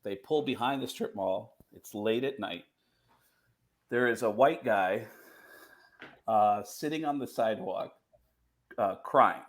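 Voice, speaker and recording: Animated male comic telling a story. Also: on the low side, slow, pauses often. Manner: animated, switches voices for characters. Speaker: comedian and guest.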